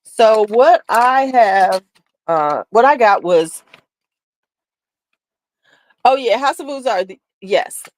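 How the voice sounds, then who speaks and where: A woman's voice: on the high side, expressive, takes it slowly, pauses often, dry recording. A woman hosting a casual beauty livestream, chatting candidly and sassily with viewers, laughing often. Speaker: beauty channel host.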